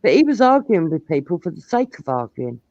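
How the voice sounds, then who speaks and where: A middle-aged woman with a Cockney accent, hosting a casual live-stream chat, telling animated stories and swearing freely. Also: on the low side, fairly quick, no room sound. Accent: London Cockney. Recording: dull lo-fi stream audio.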